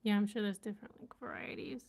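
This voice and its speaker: A woman language vlogger reads live and chats casually, sounding out unfamiliar words with curiosity and laughing at herself. Her medium-pitched voice is gravelly and darkish, with fairly even intonation and a quick pace.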